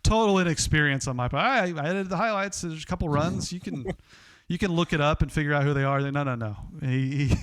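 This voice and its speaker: Oklahoma guy, podcast host, smooth clear voice, lively storytelling. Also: fairly high pitch, fairly quick. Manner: animated, lively storyteller with laughs and restarts.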